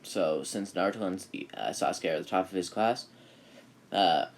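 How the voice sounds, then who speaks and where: Low-voiced man rambling through a fan story. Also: moderate pace, slight background noise. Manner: rambling, many fillers and restarts, self-correcting. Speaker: anime video maker.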